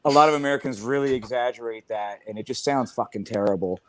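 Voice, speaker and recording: A man's voice: mid-range voice, fast talker, a little hiss or hum. A man chatting on a fan podcast, talkative, laughing often and swearing now and then. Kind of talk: casual chat.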